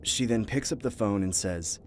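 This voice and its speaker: A man's voice: lowish voice, moderate pace, a little hiss or hum. A young man narrating a true horror story in the first person, earnest and tense. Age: young adult.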